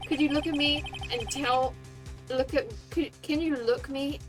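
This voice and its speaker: A woman voicing a gruff, confrontational male detective in a put-on Texan accent, drawling and accusing. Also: sits high, steady tone, measured pace, music in the background, poor audio. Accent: exaggerated Texan accent (put on).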